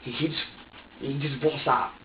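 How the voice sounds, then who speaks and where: In an interrogation room, a suspect launches into an agitated, profane rant, though his mid-range voice keeps a steady tone and a measured pace. A distant mic picks up dull, echoey room audio with slight background noise.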